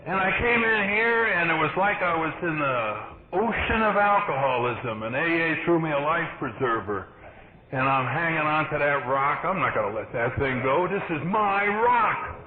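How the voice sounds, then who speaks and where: Brief: earnest male meeting speaker, storytelling, slightly high voice, old tape with thin phone-like sound. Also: animated, moderate pace. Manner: earnest storytelling, acts out dialogue. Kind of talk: personal testimony to a meeting. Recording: tinny, hissy vintage tape recording.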